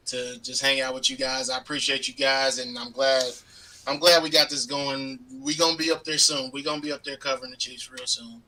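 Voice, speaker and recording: A young man chats excitedly with his co-hosts, stammering a little as the words tumble out. His voice is strikingly bright and sharp. He keeps a mid pitch for a man. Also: a little fast, low-quality recording. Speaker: co-host. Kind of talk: casual sign-off chat.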